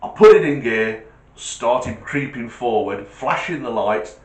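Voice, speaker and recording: A middle-aged man telling a comic anecdote in an animated, self-mocking way. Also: medium pitch, measured pace. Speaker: storyteller, test driver. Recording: roomy echo.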